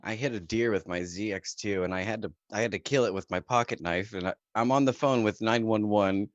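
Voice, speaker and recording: A man in his twenties telling animated, profane stories in a casual group voice chat. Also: fairly low pitch, brisk, dull audio. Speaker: chat participant.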